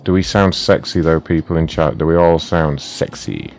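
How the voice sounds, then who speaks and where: A man's voice: extremely low pitch, normal speed, gravelly, a little mellow, soft background music. A man hosting a live prank call show, chatting casually with his audience in a loose, profane, joking way. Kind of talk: casual live-stream chat.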